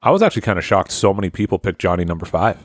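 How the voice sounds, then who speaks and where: A man with a low voice chats casually, stumbling and restarting as he talks, his pitch rising and falling a lot. The recording is dry and close. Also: very animated, racing, no room sound. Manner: hesitant, stumbling over words. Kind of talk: casual chat.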